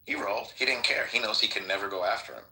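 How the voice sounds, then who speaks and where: A man's voice: lowish voice, fast, sharp tone, rough recording. A man on a casual podcast telling a rambling story, acting out the people in it and swearing freely. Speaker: podcast host.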